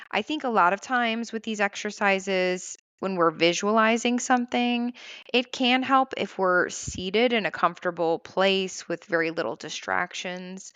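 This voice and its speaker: A woman hosting a podcast who guides listeners through a meditation in a calm, gentle, reassuring way, counting breaths slowly. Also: mid-range voice, dry recording. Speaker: podcast host guiding a meditation.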